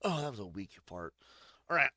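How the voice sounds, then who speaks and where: A man's voice: mid-range voice, a bit bright, no room sound, studio quality. A man giving rambling, joking, profane let's-play commentary while playing a game. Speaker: gaming streamer.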